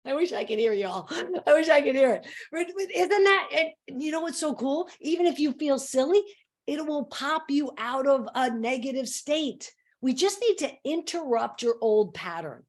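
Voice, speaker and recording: A woman motivational speaker giving an energetic, playful talk on stress and acting out her own self-talk. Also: normal speed. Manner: lowers her voice for a mantra. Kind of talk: live online talk on stress.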